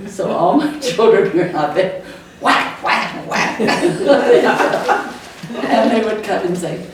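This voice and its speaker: A woman's voice: medium pitch, expressive, slow. An older woman, a retired school teacher, fondly recalling stories from her classroom, chuckling now and then. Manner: fond storyteller, often chuckling. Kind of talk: personal reminiscence. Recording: echoey room, distant mic, faint noise.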